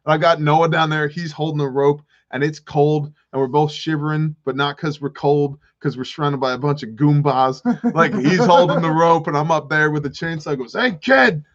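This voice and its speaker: A man hosting a livestream, telling an animated story and laughing often as he acts out the other people's voices. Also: a little high, fairly quick, hardly any pauses. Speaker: prepper channel host. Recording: dull lo-fi livestream audio.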